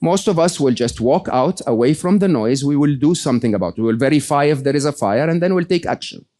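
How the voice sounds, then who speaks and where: A man giving a motivational stage talk to a live audience, animated and often checking in with "okay?" and "right?". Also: on the high side, quick pace. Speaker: guest speaker.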